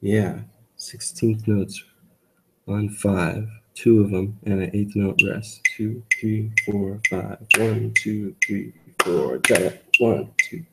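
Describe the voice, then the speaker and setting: Man, music tutor, casual walkthrough, slow rambling delivery, gravelly fry, middling pitch. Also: rough recording. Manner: rambling, self-correcting, lots of "like". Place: campus tutoring room.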